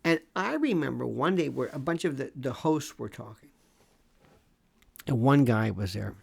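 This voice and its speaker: The sixty-something legal commentator from Florida, also a talk host, sounds expressive at medium pitch, with vocal fry and a breathy edge. His sarcastic solo monologue moves at a moderate pace, broken by long pauses and occasional mock whispers.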